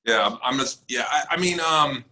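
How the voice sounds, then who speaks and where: A man's voice: medium pitch, normal speed, poor audio. A man from the northern United States, a guest on a podcast, chatting casually and acting out quoted exchanges as he tells stories. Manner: animated storyteller, acts out quoted exchanges. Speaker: podcast guest, military servicemember and actor. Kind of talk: casual chat.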